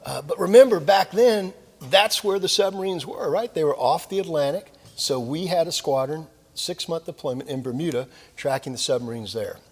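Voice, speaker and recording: Gravelly older man telling war stories. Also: fairly high pitch, moderate pace, big-room sound. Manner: folksy, self-deprecating storytelling with many fillers. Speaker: guest speaker at a military lecture series. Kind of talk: anecdotal lecture. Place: lecture hall of a club.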